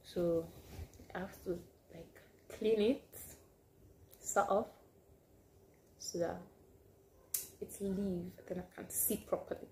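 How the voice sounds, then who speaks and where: A woman telling a personal story to camera in a casual vlog, animated and sometimes dropping to hushed asides. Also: on the low side, takes it slowly, pauses often, a little hiss or hum. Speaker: vlogger.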